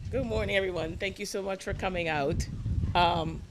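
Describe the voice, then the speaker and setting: Fiftyish widow telling stories in a eulogy. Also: female voice, on the low side, normal speed, background noise. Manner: warm, anecdotal, fighting back tears. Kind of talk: personal eulogy, storytelling.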